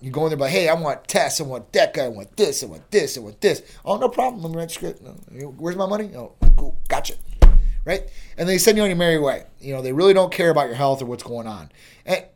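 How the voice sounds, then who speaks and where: A man's voice: mid-range voice, a little mellow. A man hosting a clinic talk show, explaining health matters in a casual, chatty way that keeps checking in with "right?" and "you know". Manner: chatty, repeats "you know" and "right?", acts out quick exchanges. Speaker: host of a medical clinic show.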